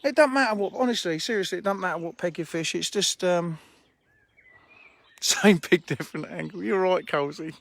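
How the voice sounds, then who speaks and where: A man's voice: sits high, normal speed, gravelly, a bit bright, no room sound. A fishery owner chatting informally on a live stream while walking round his lake, holding his phone, with faint birdsong outdoors. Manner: chatty, laughing, blunt and informal. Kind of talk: live-streamed lakeside walk and chat. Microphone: handheld phone.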